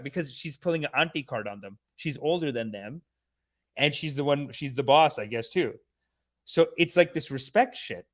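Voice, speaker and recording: A young man hosting a comedy podcast, riffing in a profane, animated way. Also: fairly high pitch, a little fast. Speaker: podcast host.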